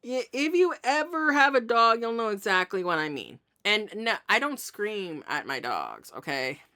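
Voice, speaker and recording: A woman's voice: medium pitch, big pitch swings, moderate pace, sharp tone. A woman vlogging from her home in a casual, rambling monologue with many restarts.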